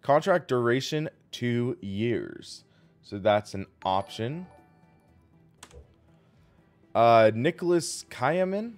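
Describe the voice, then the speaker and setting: A man's voice: mid-range voice, animated, takes it slowly, pauses often, faint music behind. A man hosting a live sim racing stream, chatting casually and rambling as he plays and thanks viewers.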